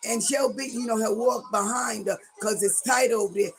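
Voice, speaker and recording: A middle-aged woman gossiping on a livestream in a rambling way, now and then breaking into loud outbursts. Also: on the high side, steady tone, moderate pace, creaky, soft background music.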